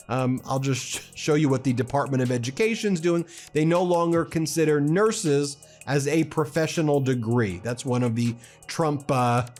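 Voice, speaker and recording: A man's voice: mid-range voice, darkish tone. A man giving impassioned political commentary, indignant in tone.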